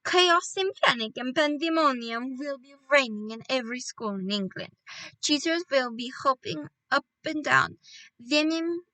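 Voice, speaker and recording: A woman's voice: high voice, lively intonation, measured pace, sharp tone, dry recording, heavily acted, rough recording. A woman voicing a gloating witch queen with broken grammar. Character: fierce ancient female witch leader, gloating.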